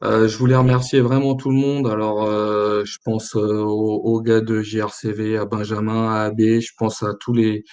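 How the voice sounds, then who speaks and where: A man from France with a French accent, a company founder guesting on a livestream, speaking hesitantly with many filler pauses. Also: fairly low pitch, completely flat delivery, a little mellow, smooth. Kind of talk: casual livestream interview.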